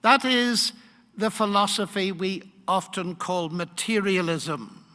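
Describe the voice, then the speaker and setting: Older man, lecturer, high voice, emphatic rhetorical questions, hall reverb. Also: slow pace, bright, forceful tone. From United Kingdom. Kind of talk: public lecture.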